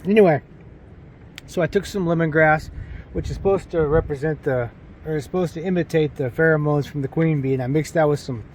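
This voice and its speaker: Man, casual outdoor vlogger, rambling delivery, slightly raised pitch, faint ambient noise. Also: a little fast. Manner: relaxed, rambling, talks to his dog between steps. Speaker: beekeeping vlogger. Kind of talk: casual outdoor vlog narration.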